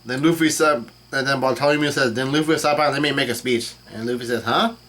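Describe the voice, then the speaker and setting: A man casually reading a comic chapter aloud and commenting on it, with the dialogue in a flat voice and frequent fillers and self-corrections. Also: medium pitch, quick pace. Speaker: channel host reacting to a comic chapter.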